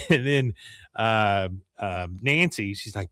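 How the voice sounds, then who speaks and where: The host is a man with a very lively, swinging voice who retells scenes in casual chat and keeps slipping into the characters' lines. He sounds close and dry on the mic, with no room around him. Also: fairly low pitch, drawn-out words, no echo. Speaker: podcast host. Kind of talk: casual episode recap.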